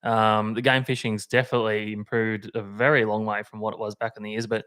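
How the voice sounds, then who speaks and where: A man's voice: on the low side, level tone, a little fast, a bit bright, no room sound. An Australian man from Victoria co-hosting a fishing podcast, chatting casually and asking the guest questions. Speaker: podcast co-host.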